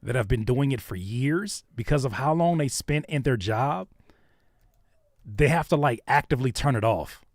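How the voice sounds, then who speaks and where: A man's voice: medium pitch, lively intonation, normal speed, dry recording, studio quality. A man hosting a live stream, chatting casually and talking straight to his viewers. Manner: laid-back, talks to chat directly. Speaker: host.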